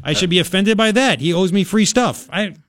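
A man's voice: high voice, expressive, fairly quick, fairly bright tone, no echo. A man hosting a talk radio show, ranting bluntly and with exasperation in studio commentary.

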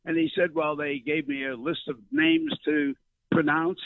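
A man's voice: on the high side, animated, measured pace, vocal fry, no echo. An older man, a veteran broadcaster reminiscing in a rambling storytelling way, full of fillers and restarts, heard over the phone. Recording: tinny dry phone line.

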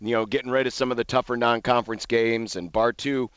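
A man's voice: mid-range voice, steady tone, fairly bright tone, clear, resonant tone, dry recording, muffled recording. A male sports radio host with a mid-range voice, talking casually and often restarting and repeating his words. The studio sound is dry and close. He reasons through his points steadily. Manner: halting, repeats his words at the start of sentences.

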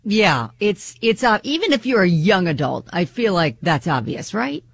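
A female radio co-host with a husky, fairly low voice that moves expressively. She chats with wry humour, recorded close and dry, with faint music behind her. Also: very animated, normal speed, dry recording. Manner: wry, chatty.

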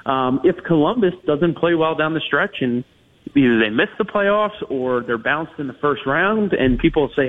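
A man calls in to break down hockey trades and matchups. His voice sits a little high and sounds husky. It comes through a thin, tinny phone line, and he talks in long, hedged runs with plenty of restarts. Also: expressive, normal speed. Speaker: hockey analyst guest. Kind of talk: radio interview analysis.

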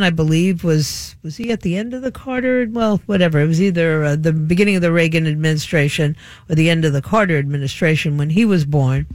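A woman's voice: on the low side, no room sound, studio quality. An older woman hosting a radio talk show, speaking in a rambling, chatty, reminiscing way.

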